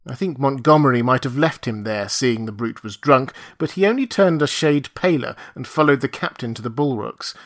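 A man narrating a classic novel in a measured, even storytelling voice. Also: medium pitch. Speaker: audiobook narrator. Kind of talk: scripted narration.

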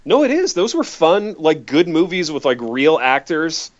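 A man's voice: fairly high pitch, sing-song, moderate pace. A man in his thirties co-hosting a podcast, talking in a laid-back, agreeable way. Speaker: podcast co-host. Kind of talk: casual chat. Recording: slightly dull lo-fi sound.

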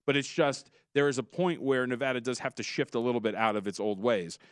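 A man's voice: mid-range voice, fairly quick, smooth, no room sound, studio quality. A man co-hosting a casual sports betting show, talking emphatically with frequent restarts.

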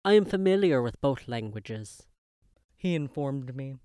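A man's voice: medium pitch, expressive, mellow, smooth, dry recording, clean studio sound, close to an everyday voice. A man playing an ancient, heavily accented old uncle. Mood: unctuous. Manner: heavily accented, halting formal English. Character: ancient grotesque old uncle, lonely, oozing false charm. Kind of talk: audio drama reading.

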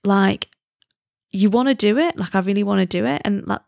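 A woman's voice: medium pitch, normal speed, gravelly, a little mellow, no room sound, clean studio sound. A British woman hosting a podcast, chatting casually in a self-deprecating way and laughing at herself now and then. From Britain. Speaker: podcast host. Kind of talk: casual chat.

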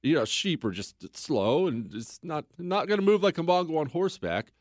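A man's voice: a little high, sing-song, normal speed, no room sound, clean studio sound. A man hosting a podcast who tells history casually and conversationally, full of rhetorical questions. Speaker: podcast host.

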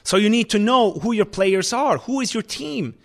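A man, a restaurant chef and owner, talking in an animated, emphatic way in a casual interview. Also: high-pitched, normal speed, gravelly.

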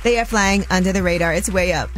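A woman with a New York accent hosting a radio show, reading news items in a relaxed, chatty way and laughing often. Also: lowish voice, quick pace, heavy background noise. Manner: upbeat, laughs often, reads stories conversationally. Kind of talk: casual radio chat and news segments.

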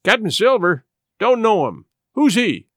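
A man's voice: a little high, big pitch swings, moderate pace, a bit bright, no echo, studio quality. A man voicing a stern ship's captain who barks clipped orders. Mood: scornful. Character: stern male ship's captain, curt and commanding.

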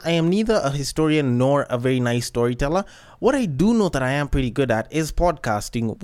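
A man hosting a solo podcast, telling cheeky stories in a joking, rambling manner. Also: medium pitch. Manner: cheeky, joking, tangent-prone storytelling. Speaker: podcast host. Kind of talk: casual solo podcast monologue.

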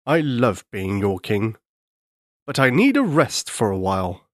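A man's voice: on the low side, sing-song, measured pace, no room sound, clean studio sound, voice pushed down. A man voicing a tired, kindly lion king in a children's storybook. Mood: weary.

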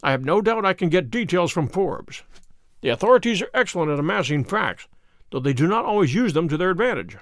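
Guy voicing a clever dreamy detective, measured and a bit wry, swings up and down a lot. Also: high-pitched, sing-song, fairly bright tone, no room sound, studio quality, exaggerated voice. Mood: musing. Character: brilliant, dreamy, self-assured male detective. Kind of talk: audiobook character reading.

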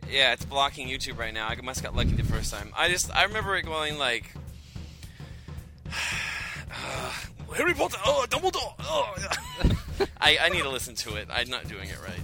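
A man co-hosting a podcast in casual chat, playful and animated. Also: medium pitch, normal speed, pauses often, music in the background. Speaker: podcast co-host.

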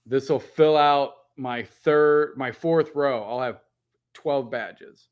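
A man co-hosting a podcast in casual chat, telling a long animated story full of "like" and casual swearing. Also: mid-range voice, slow pace, clear, resonant tone, narrow, tinny audio. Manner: animated, rambling storyteller with lots of "like". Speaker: podcast co-host.

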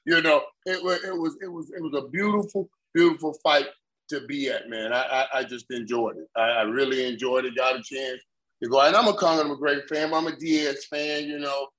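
An older man co-hosting a sports talk show, telling excited stories in a rambling way and repeating his words as he goes. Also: a little high, normal speed, poor audio. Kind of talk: casual sports chat.

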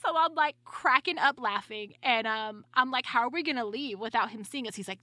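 Bright-voiced profane woman storyteller. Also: fairly high pitch, brisk, no room sound. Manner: blunt, profane, laughs through her story. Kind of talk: casual storytelling chat.

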